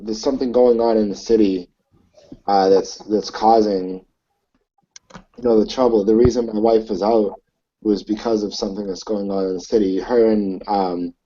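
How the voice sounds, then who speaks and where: Man, in-character tabletop player, slow and halting, mellow tone, lo-fi recording. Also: on the low side. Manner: hesitant, halting with many fillers. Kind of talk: in-character tabletop role-play. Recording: dull lo-fi recording.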